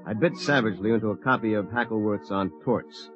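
Man voicing a wry lawyer narrator, deep low voice, muffled old radio, soft music underneath. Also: fairly quick, lightly acted. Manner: wry, dry storytelling. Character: wry young male lawyer telling his story. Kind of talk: 1950s radio drama narration. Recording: muffled vintage radio recording with faint music.

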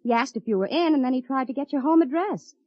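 An actress playing a young legal secretary, chatty and playful, in a muffled vintage radio drama recording. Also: female voice, high-pitched, fast, no room sound. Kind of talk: 1950s radio drama acting.

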